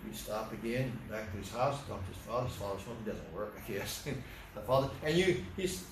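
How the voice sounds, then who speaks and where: A man's voice: medium pitch, brisk, background noise. A man preaching a sermon as pastor, telling stories and briefly acting out the voices in them. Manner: animated storytelling, acts out quoted voices. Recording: echoey room, voice from far off.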